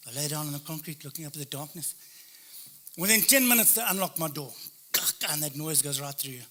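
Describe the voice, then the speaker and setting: High bright-voiced guy, motivational speaker telling his story in quick punchy bits. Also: expressive. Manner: vivid first-person storytelling, short punchy phrases. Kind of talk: dramatic storytelling talk.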